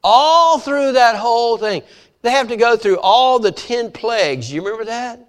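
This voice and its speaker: Animated high-voiced preacher. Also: male voice, moderate pace. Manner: animated storytelling, acting out voices of biblical figures. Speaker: pastor. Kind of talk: sermon.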